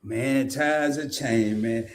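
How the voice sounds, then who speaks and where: A man with a Southern US accent hosting a casual interview, telling animated stories and laughing often. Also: mid-range voice, slow. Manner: animated storyteller, laughs often, mimics sayings. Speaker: podcast host.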